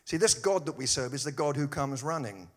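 A pastor preaching a sermon, telling stories with dry humorous asides. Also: male voice, a little high, fairly quick. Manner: animated storytelling with humorous asides.

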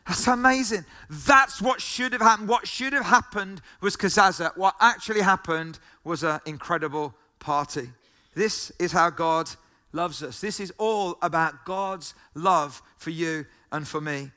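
A man delivers a sermon in a high, ringing voice. He keeps circling back to the same phrases and throws questions at the listeners. His tone stays bright and forward. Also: a little slow. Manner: emphatic, repeats key phrases, asks the listeners questions. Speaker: pastor.

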